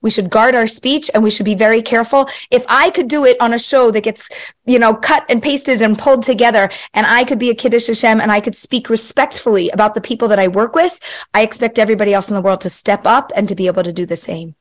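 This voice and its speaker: A woman's voice: a little high, fast. A middle-aged woman, a matchmaker answering interview questions in an earnest, effusive way, sprinkling in Hebrew and Yiddish words.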